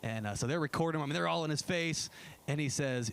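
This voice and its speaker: A man's voice: fairly high pitch, animated, a little fast, a bit bright, a little hiss or hum. Chatty man giving a church slideshow talk. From United States. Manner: chatty, enthusiastic, many fillers and restarts. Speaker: pastor. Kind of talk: casual church presentation. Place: church sanctuary.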